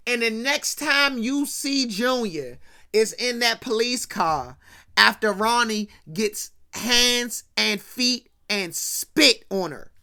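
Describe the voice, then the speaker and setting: Animated ranting movie recapper with bright tone. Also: mid-range voice, slow pace. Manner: slangy, acts out characters' lines; swings between hushed asides and loud bursts. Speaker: host of a movie commentary channel. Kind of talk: animated film recap rant.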